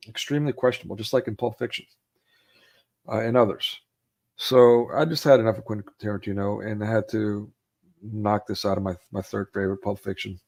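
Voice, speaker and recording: This man's voice sits on the low side with a darkish tone. Co-hosting a film chat, he talks casually about his favorite movies, rambling through fillers and restarts and acting out quotes in a raised voice.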